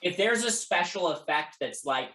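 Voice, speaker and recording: A game master narrating a tabletop game in a relaxed way, with many ums. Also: mid-range voice, normal speed. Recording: echoey room.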